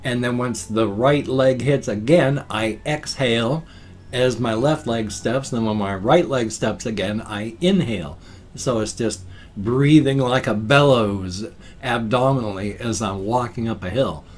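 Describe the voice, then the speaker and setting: A man's voice: medium pitch, a little slow, a little hiss or hum. An older man talking casually on his vlog, folksy and chatty, explaining things at length with homespun sayings. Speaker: vlogger. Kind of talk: casual rambling vlog talk.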